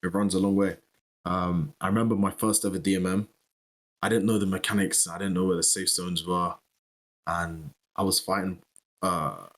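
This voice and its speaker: British male guest, deep and a bit husky, relaxed casual chat. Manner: laid-back, rambling, with many fillers. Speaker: podcast guest.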